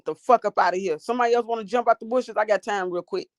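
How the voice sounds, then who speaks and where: Speaking fast at a medium pitch, a woman livestreaming from her phone goes off on her chat with sassy, profane, combative energy. There's no echo in the recording.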